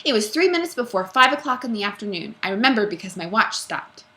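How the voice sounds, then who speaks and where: A woman's voice: mid-range voice, big pitch swings, fast talker, bright, forceful tone. A woman voicing a cocky, carefree schoolboy who answers in a chipper, breezy way.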